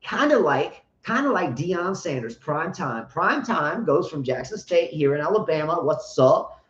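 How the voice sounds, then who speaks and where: High-voiced, animated man on a live tennis stream. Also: a little slow, slight background noise. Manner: animated, loose and profane, hypes up the chat. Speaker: co-host of a live tennis chat show. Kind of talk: casual live-stream chat. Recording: roomy, dull lo-fi live-stream audio.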